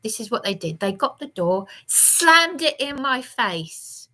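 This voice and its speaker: A woman's voice: on the high side, sing-song, measured pace, pushed and bright. A woman giving a rambling, aggrieved vlog monologue with emphatic outbursts. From England. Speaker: vlogger.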